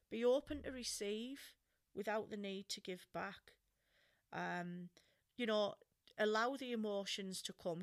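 Frank chatty English woman. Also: medium pitch. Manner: frank and chatty, with swearing and fillers. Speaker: self-help speaker. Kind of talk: casual advice talk.

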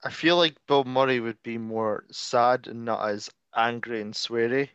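A man's voice: medium pitch, steady tone, measured pace, a bit bright, smooth, no room sound, lo-fi sound. A man co-hosting a podcast in casual chat, laughing between his remarks. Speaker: podcast co-host.

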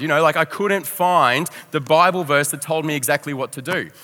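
A young Australian pastor tells a story from the pulpit in an animated, self-deprecating way. His voice is bright and sits fairly high for a man. It rings out with a long reverb through a large church hall. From Victoria, Australia. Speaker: youth pastor. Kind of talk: storytelling sermon.

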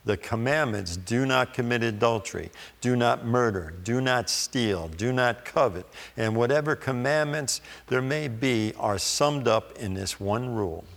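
A man preaching a sermon, reading scripture slowly and deliberately with pauses. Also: medium pitch, gravelly, a bit bright, in a large hall.

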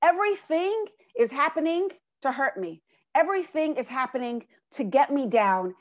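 A woman's voice: sits high, expressive, normal speed. A woman voicing a whining, overwhelmed young male student who complains that everything happens to him. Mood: self-pitying. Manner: aggrieved, complaining rant. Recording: dull lo-fi recording.

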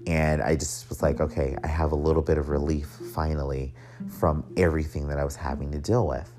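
A man's voice: a bass voice, little pitch movement, fairly quick, music in the background. A young man telling a personal story in a candid, profane way, with wry joking asides.

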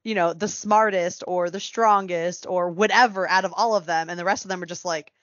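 A chatty woman talking on a podcast, laughing often and tossing off quick character asides. The sound is dry and a bit dull, with no room around it. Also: on the low side, fairly even intonation, fairly bright tone, dry recording. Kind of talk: casual fan chat.

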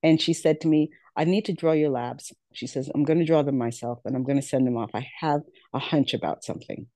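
A middle-aged woman recounts her own story as a podcast guest. She is earnest, repeats herself for emphasis, and slips into the voices of the people she quotes. Her tone is warm and mellow, and the recording is close and dry with no room sound. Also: very deep voice, no room sound. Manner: earnest, repeats words, acts out quoted dialogue. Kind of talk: personal storytelling in an interview.

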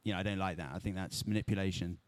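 A man's voice: low-pitched, fairly even intonation, very fast, no echo. A man speaking frankly and critically on a panel. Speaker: event speaker. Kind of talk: panel talk.

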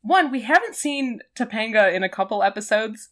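A woman's voice: fairly high pitch, lively intonation, normal speed. A woman co-host chatting casually and laughing often as she reacts to the recap. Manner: giggly, laughs often between remarks. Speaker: podcast co-host. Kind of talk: casual chat.

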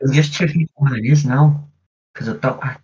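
In dull lo-fi audio, a man with a mid-range, slightly mellow and somewhat rough voice speaks at a moderate pace. He's co-hosting a podcast, chatting casually and easily while planning things out loud.

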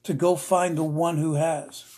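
A man preaching an emotional sermon, earnest and repetitive, slowing down to stress his words. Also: a little high, flat delivery, darkish tone, slightly rough. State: emotional, near tears.

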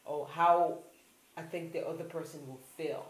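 Low-voiced woman in an echoey room. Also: fairly even intonation, normal speed. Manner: laughs often, talks in hesitant restarts. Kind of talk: casual chat.

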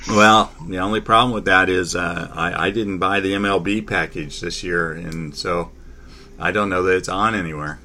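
A man hosting a casual sports talk chat, halting, with many fillers and restarts. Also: sits low, steady tone, sharp tone, slight background noise.

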